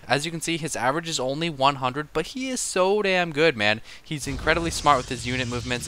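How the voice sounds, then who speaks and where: Bright-voiced joking game commentator man. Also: fairly low pitch, slight background noise. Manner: joking, self-deprecating, rambling asides. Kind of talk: casual esports commentary.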